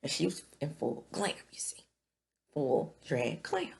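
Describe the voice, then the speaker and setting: A woman's voice: sits low, wildly swooping pitch, measured pace, vocal fry. A woman giving a sassy, gossipy recap of a reality show, dropping whispered asides. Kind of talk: casual recap commentary.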